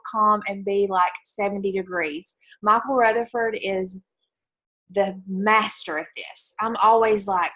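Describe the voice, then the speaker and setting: A woman's voice: mid-range voice, normal speed, a bit bright. A woman giving an earnest, encouraging talk to fellow team leaders on a video call.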